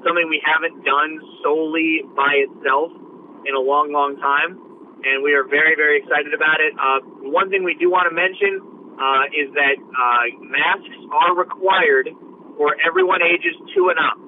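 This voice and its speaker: A man's voice: fairly high pitch, fairly even intonation, normal speed, slight background noise. Man on a tinny phone line. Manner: upbeat, promotional, filler-heavy. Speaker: guest, minor league ballpark executive. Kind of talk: phone interview. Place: car on a mountain road.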